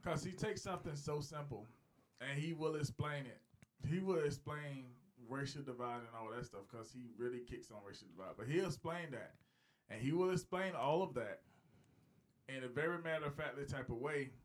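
A man co-hosting a podcast in casual chat, blunt and joking, with sudden jumps in loudness. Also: mid-range voice, moderate pace. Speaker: podcast co-host.

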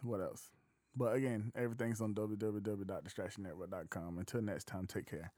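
A man's voice: lowish voice, steady tone, a little fast, warm tone, no room sound. A man in easy conversation as a podcast host, loose and jokey, laughing often. The sound is dry and close, with no room around it. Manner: laid-back, laughs often, loose storytelling. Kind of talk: casual chat.

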